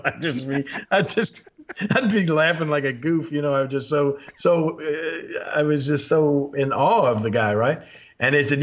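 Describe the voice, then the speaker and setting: A man's voice: a little high, moderate pace. A man in his sixties with a Southern American accent, hosting a podcast and telling stories with frequent chuckles and acted-out quotes. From Memphis, USA. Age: 60s. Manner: chuckles often, animated, acts out quotes. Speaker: podcast host. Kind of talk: anecdotal storytelling. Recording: dull lo-fi podcast audio.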